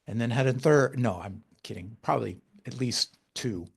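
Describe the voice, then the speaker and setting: Male author guest, mid-range voice, candid halting storyteller who perks up when quoting himself. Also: medium pitch, gravelly, breathy edge. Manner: halting, with frequent restarts. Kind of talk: personal storytelling in conversation.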